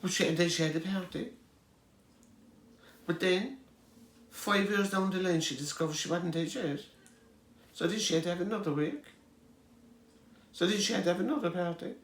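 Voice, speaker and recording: A man's voice: high-pitched, moderate pace, long pauses, echoey room. A middle-aged Irish man telling rambling family anecdotes as an interviewee, chuckling as he goes. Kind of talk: storytelling.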